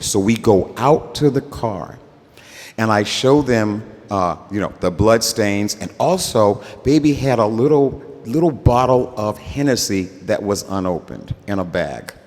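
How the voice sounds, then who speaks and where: An older man telling a story live on stage, relaxed and conversational, acting out the voices of the people in it. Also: lowish voice, measured pace. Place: festival workshop stage. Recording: reverberant stage sound.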